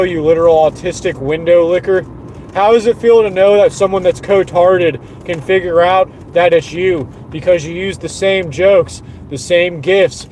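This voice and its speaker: Angry streamer, male, high voice, repetitive and profane rant. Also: slight background noise, poor audio.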